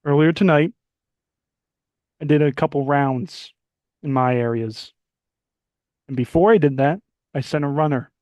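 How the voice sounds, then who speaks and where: A man playing in a tabletop role-playing game, talking in a calm, laid-back and slightly halting way. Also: a little high, no echo. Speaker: player. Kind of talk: in-character tabletop role-play.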